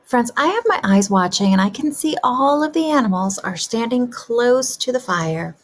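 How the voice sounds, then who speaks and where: A woman kindergarten teacher asking young children gentle questions about a story in a remote lesson. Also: fairly high pitch, animated, normal speed.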